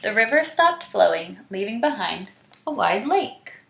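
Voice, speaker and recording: A woman teacher reading a picture book aloud to children, animated and stopping to ask them questions. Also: medium pitch, moderate pace, creaky, slight background noise. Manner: animated, asks the listener questions. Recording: roomy echo.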